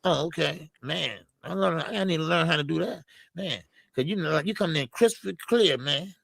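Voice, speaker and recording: A man's voice: fairly high pitch, normal speed, creaky, fairly bright tone, no echo. A man hosting a boxing live stream in a casual, rambling way, with many fillers as he reads out super chats. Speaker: boxing show host.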